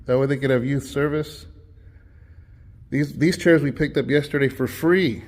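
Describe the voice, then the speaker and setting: A man's voice: mid-range voice, moderate pace, darkish tone. A man out of breath from walking, eagerly touring an empty church building and talking straight to viewers. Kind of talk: casual walkthrough vlog.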